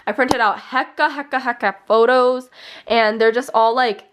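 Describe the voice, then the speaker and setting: A woman's voice: a little high, steady tone, normal speed, a bit bright, slight background noise. Chatty young woman giving a room tour. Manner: chatty, rambling, heavy use of "like". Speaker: vlogger. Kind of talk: casual room tour vlog. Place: bedroom, indoors.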